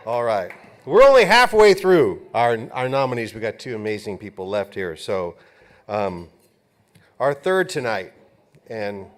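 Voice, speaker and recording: A man serving as master of ceremonies at an awards banquet, introducing honorees with relaxed, light humor. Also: medium pitch. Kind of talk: event emcee introduction. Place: banquet hall.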